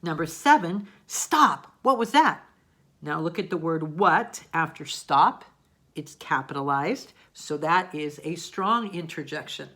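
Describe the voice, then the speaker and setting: A woman's voice: deep voice, unhurried. A woman teaching a grammar lesson, explaining patiently step by step and checking in often. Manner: acts out example sentences with lively emphasis.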